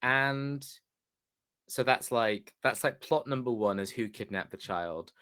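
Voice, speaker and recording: A man's voice: mid-range voice, measured pace, a bit bright, smooth, no room sound, studio quality. A man co-hosting a podcast, talking in a loose, hesitant way with lots of "like" and "kind of". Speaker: podcast co-host reviewing films. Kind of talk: casual chat.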